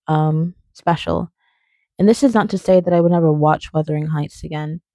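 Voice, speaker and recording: Chatty young woman, mellow and dry. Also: lowish voice, no echo. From outside England. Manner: chatty and playful, with frequent fillers and tangents. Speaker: video essayist. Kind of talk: casual spoken video essay.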